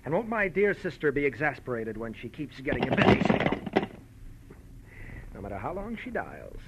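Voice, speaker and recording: A man's voice: medium pitch, wildly swooping pitch, normal speed, very noisy. A man playing a scheming male swindler who holds a gun, talking in a cold, gloating way in an old-time radio drama. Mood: menacing. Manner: menacing, gloating. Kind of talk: 1940s radio acting.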